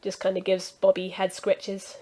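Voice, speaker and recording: A woman's voice: medium pitch, monotone, a little slow, noisy background. A woman narrating as game master, chatty and full of restarts. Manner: chatty, with many fillers and restarts.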